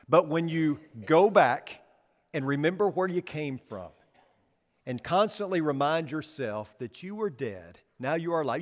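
A man's voice: mid-range voice, long reverb tail. A man preaching a sermon to his congregation, speaking conversationally and often turning statements into questions for them. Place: church sanctuary.

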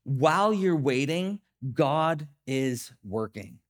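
A man delivers a sermon with a lively, swooping voice, set a little higher than most men's. He talks conversationally, as a pastor in his thirties, and acts out short quotes as he goes. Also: takes it slowly. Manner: animated, conversational preaching with acted-out quotes.

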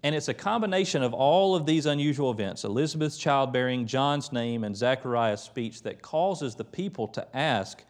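A man preaching a conversational, emphatic sermon in a church, retelling scripture with lively quoted voices. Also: mid-range voice, moderate pace, few pauses. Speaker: pastor.

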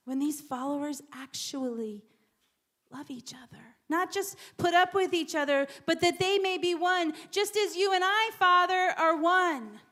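High-voiced woman preaching a sermon. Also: measured pace, sharp tone. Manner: repeats words, drops to whispers for emphasis.

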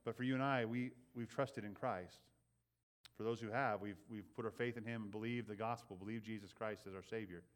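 A man preaching a sermon in an earnest way. He often checks in with the listeners with a quick "right?" and repeats words as he builds his points. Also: fairly low pitch, steady tone. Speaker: pastor.

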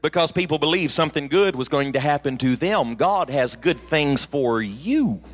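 A man's voice: a little high, lively intonation, normal speed, background noise. A man preaching a sermon, emphatic and repetitive, calling the congregation to answer back. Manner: emphatic, repetitive, call-and-response.

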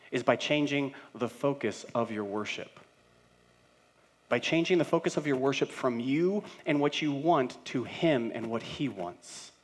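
A man in his thirties, a pastor, preaching a sermon in a conversational way and acting out quoted voices. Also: medium pitch.

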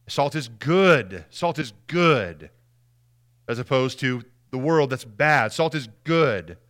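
A man's voice: fairly high pitch, a bit bright, clean tone. A man preaching a sermon, emphatic and direct, repeating key phrases and speaking straight to the congregation.

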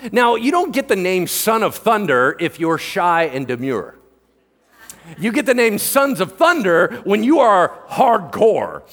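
A man preaching a casual sermon as pastor, telling the story with lively, playful energy. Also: high-pitched, big-room sound. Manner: animated storytelling, acts out characters in a playful voice.

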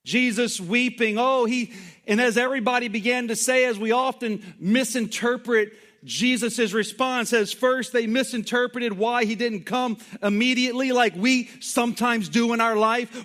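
Male pastor preaching, pretty high voice, slow and deliberate, talks to the crowd like a chat. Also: a bit bright. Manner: emphatic, conversational preaching with rhetorical questions. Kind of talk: sermon.

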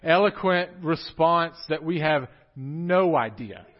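A man's voice: on the high side, normal speed, muffled recording. A young man preaching a casual, joking sermon to his congregation. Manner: joking, animated, talks straight to the congregation. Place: church sanctuary.

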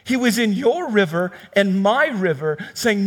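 A man delivers a sermon in a casual, conversational way. His voice sits a little on the high side. He swings between sudden loud outbursts and hushed, low scripture reading. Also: big pitch swings, a little slow, hardly any pauses, big-room sound. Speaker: pastor.

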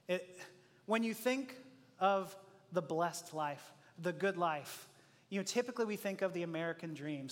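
A man's voice: high-pitched, fairly bright tone. A man preaching a conversational sermon who acts out short prayers and everyday dialogues and often chuckles. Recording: long hall reverb.

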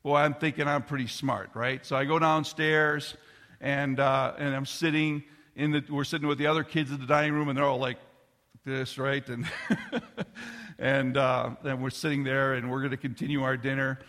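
Middle-aged man, pastor preaching a sermon, loose storytelling with restarts, forceful tone, hall reverb. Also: mid-range voice, steady tone, normal speed. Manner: drops to soft near-whisper. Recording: long reverb of a large hall.

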